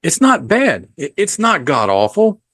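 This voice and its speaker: A man's voice: on the high side, wildly swooping pitch, fairly bright tone, no echo. A man hosting a podcast, giving a casual, rambling film review full of ums and blunt profanity. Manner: unhurried, rambling with frequent ums.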